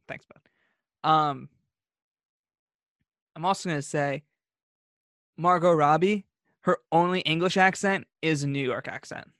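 A man co-hosting a podcast, chatting casually and telling animated, opinionated stories. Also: on the high side, measured pace, long pauses, no room sound, studio quality. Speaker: podcast co-host. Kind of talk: casual chat.

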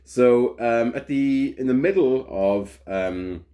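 A man's voice: mid-range voice, takes it slowly, mellow. A man co-hosting a podcast in casual chat, rambling with many fillers and frequent laughs. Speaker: podcast co-host.

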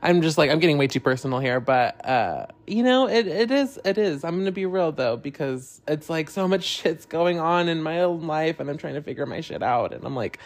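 A man's voice: a little high, animated, normal speed, few pauses. A man hosting a solo podcast in a casual, candid chat who swears freely and talks openly about personal feelings. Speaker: podcast host.

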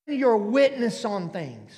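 High-voiced emphatic preacher man. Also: very animated, slow pace, a little mellow. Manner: emphatic, calls out to the congregation. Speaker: pastor. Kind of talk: sermon. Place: church auditorium. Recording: long hall reverb.

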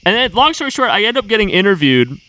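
A man's voice: high-pitched, very animated, quick pace, pushed and bright, no room sound, rough recording. A man telling a long, rambling anecdote in casual chat, laughing mid-sentence and repeating words. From United States.

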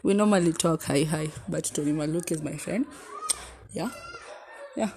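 A young Kenyan woman in her twenties with a deep voice, hosting a podcast and chatting casually about her life, switching between English and Swahili slang. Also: moderate pace, gravelly, a little mellow, a little hiss or hum. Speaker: podcast host. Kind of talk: casual personal storytelling.

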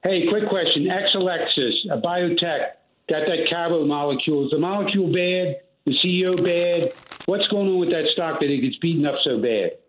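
A man's voice: on the high side, moderate pace, echoey room. Male caller on a tinny phone line. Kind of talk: phone-in question.

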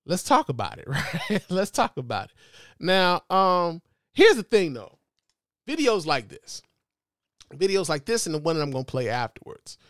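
A man in his forties hosting a show, giving animated, joking commentary full of profanity. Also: fairly high pitch, smooth, no echo, studio quality. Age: 40s. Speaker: host. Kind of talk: casual commentary.

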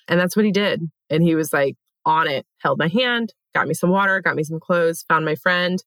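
A woman's voice: deep voice, a little fast, few pauses, fairly bright tone, no echo. A young adult woman co-hosting a podcast, chatting candidly and swearing freely. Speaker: podcast co-host. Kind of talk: casual chat.

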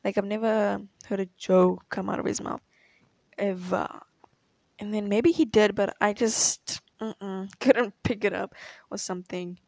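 This young African woman vlogs at a measured pace, her medium-pitched voice creaky, a touch mellow, and fairly even in intonation, with no echo. She answers personal questions in a relaxed confessional Q&A, rambling, hesitating, and correcting herself along the way.

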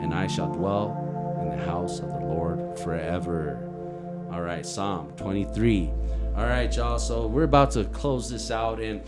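A man co-hosting a faith talk, reading scripture slowly and steadily before leading the talk. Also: deep voice. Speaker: co-host.

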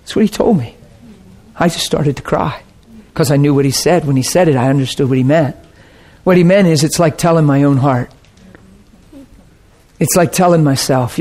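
Earnest male preacher, slightly high voice. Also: moderate pace, pauses often, darkish tone. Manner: earnest, conversational, often checks in with the audience. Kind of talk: sermon.

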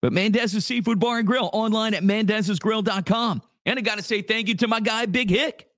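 A man's voice: sits high, normal speed, a bit bright, no room sound. A man hosting a live radio morning show from a small office studio, talking in a laid-back, chatty way and reading sponsor plugs. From Louisiana. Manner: laid-back, chatty, says dude a lot. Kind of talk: casual live radio talk with ad reads.

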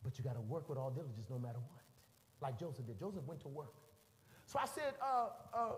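Middle-aged male pastor, high and very expressive voice, animated sermon storytelling, echoing hall. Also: fast talker, slight background noise. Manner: animated storytelling, voices the people in it, makes beeping sounds. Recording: reverberant hall, faint ambience.

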